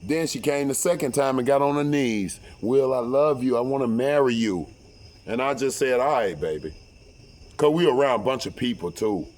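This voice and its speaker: A man tells a personal story in rough, profane talk. He gets animated and loud when acting out what was said, and stumbles over repeated words. His voice sits at an ordinary middle pitch. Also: normal speed. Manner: profane, animated, acts out quotes loudly. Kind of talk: casual storytelling.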